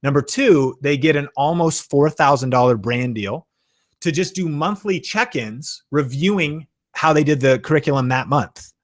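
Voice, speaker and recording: A man's voice: a little high, moderate pace. Man, live-stream host, enthusiastic, chatty, lots of ums and likes. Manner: enthusiastic, excitable, many fillers. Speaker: YouTube channel host.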